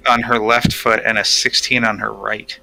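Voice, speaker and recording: A man's voice: fairly low pitch, flat delivery, normal speed, vocal fry, pushed and bright, poor audio. A man co-hosting a casual live stream, teasing and making dry jokes. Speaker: stream co-host.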